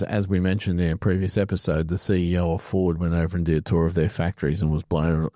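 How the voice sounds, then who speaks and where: A man co-hosting a podcast, with a very low, mellow voice. He is blunt and opinionated, and he curses casually. The sound is close and dry, with no room around it. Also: dry recording. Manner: blunt, opinionated, swears freely. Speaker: podcast co-host.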